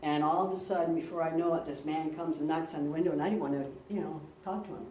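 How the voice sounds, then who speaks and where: A woman's voice: low voice, fast, darkish tone, a little hiss or hum. A woman pastor giving a sermon, telling personal stories earnestly and repeating words for emphasis. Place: church. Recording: roomy church, recorded from a distance.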